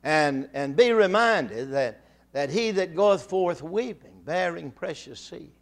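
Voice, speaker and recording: Expressive and drawling, an older man preaches a sermon from the pulpit in a voice a bit high for a man. He stumbles through repeated words and fillers with halting restarts, then climbs into passionate, rousing exhortation.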